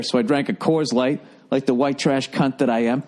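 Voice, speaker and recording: A man's voice: mid-range voice, steady tone, moderate pace, a little mellow. A man hosting a comedy podcast, telling a rambling, profane story in a casual monologue. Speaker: podcast host.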